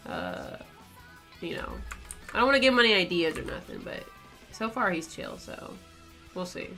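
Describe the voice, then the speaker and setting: Chatty young-sounding woman streamer, bright voice. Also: medium pitch, huge pitch swings, normal speed, soft background music. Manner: rambling, chatty, lots of likes and laughs. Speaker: art streamer. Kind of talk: casual chat while drawing on stream.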